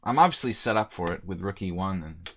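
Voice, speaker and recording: A man's voice: low voice, lively intonation, brisk, gravelly, slight background noise. A middle-aged man streaming a chess game live, thinking aloud and chatting with viewers in a joking, casual way. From United States. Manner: chatty and joking, answering chat mid-game.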